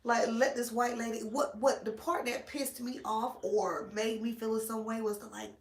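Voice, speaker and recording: A woman vlogger chatting casually while braiding her hair, animated, blunt and full of slang and cursing. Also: fairly high pitch, moderate pace, few pauses, reverberant.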